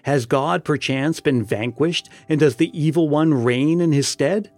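A man's voice: a little high, measured pace, a little mellow, dry recording, close to an everyday voice. A man voicing the harsh, bitter ghost of a dead peasant in a gothic story. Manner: harsh, railing. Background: music.

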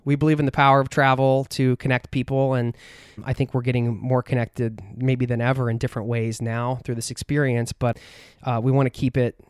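A man's voice: medium pitch, flat delivery, a little fast, clean tone, no echo, clean studio sound. A man hosting a travel podcast, talking in an earnest, heartfelt way with frequent fillers. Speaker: podcast host. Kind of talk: casual podcast chat.

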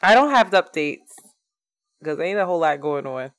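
A woman's voice: deep voice, expressive, normal speed. A woman with a Philadelphia accent co-hosting a podcast in casual chat, slangy and laughing often, recorded on a makeshift setup in a basement. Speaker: podcast co-host. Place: basement, on the floor. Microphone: makeshift setup without her recording gear.

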